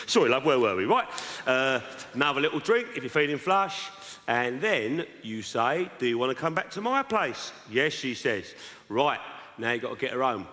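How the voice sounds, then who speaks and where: A man's voice: on the high side, close to an everyday voice. Man doing a cocky South London lad. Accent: South London Cockney. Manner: boastful, chatty, keeps checking "right?". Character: cocky South London lad, vain, full of dating tips. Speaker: stand-up character. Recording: echoey live theatre with audience noise.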